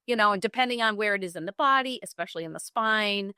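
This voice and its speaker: A middle-aged woman, a yoga teacher and bodyworker, guesting on a podcast and telling stories in an animated way. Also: mid-range voice, fast, hardly any pauses, smooth, no echo, clean studio sound. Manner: animated storytelling, acts out quoted clients. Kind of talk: casual conversational interview.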